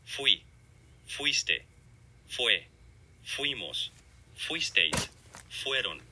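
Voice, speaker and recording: A man reading lesson examples as a word list, slowly and deliberately, one word at a time. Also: mid-range voice, sing-song, sharp tone, a little hiss or hum. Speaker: model speaker reading examples.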